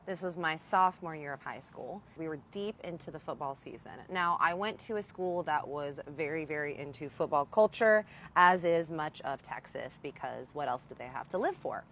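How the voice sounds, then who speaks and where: A young woman telling a casual storytime vlog, animated and playful, swearing freely. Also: low-pitched, normal speed, few pauses, a little hiss or hum. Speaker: storyteller vlogger.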